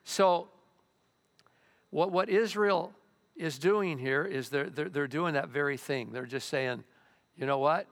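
Impassioned older pastor in a hall. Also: male voice, fairly high pitch, slow, creaky, long pauses. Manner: impassioned, repeats words, acts out prayers. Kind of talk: sermon. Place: church sanctuary. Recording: long church hall reverb.

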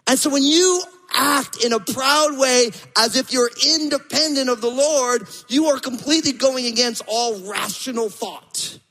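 A man in his thirties preaching a sermon as pastor, animated, acting out quotes and stories. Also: very high voice, a little slow, few pauses, in a large hall, rough recording. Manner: animated storytelling, acts out quotes.

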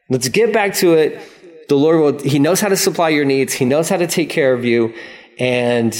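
Man preaching a lively sermon. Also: mid-range voice. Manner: lively preaching, acts out God's voice in paraphrase. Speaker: pastor.

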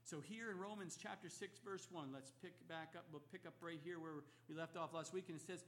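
A man's voice: on the high side, steady tone, fairly quick, few pauses, a bit bright. A man preaching an expository sermon, emphatic and repeating key phrases for effect. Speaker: pastor.

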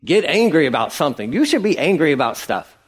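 A middle-aged man preaching a sermon in a conversational, emphatic way, with sudden rises in pitch. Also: big pitch swings, fast talker, breathy edge. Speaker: pastor.

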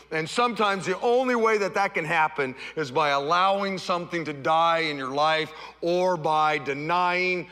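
Delivering a sermon, a middle-aged pastor swings between loud, high repeated refrains and soft, low passages. A long reverb tail trails his voice.

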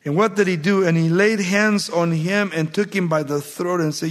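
A man's voice: sits high, fairly even intonation, normal speed, in a large hall. A man preaching a sermon, reading scripture aloud and then expounding on it with emphatic repetition.

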